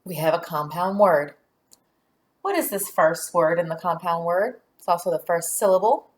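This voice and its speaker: A woman teacher giving a phonics lesson to young children, sounding out letters and syllables deliberately and praising answers. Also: fairly low pitch.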